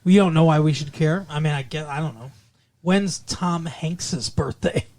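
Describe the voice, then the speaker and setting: A man's voice: on the high side, moderate pace, darkish tone. A man hosting a podcast in casual chat, joking and teasing his co-host.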